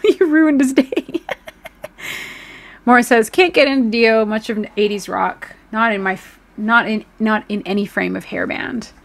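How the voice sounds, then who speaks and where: A woman's voice: mid-range voice, vocal fry, a bit bright. A woman in her thirties casually chatting on a live stream, reading viewer comments aloud, swearing freely and laughing often.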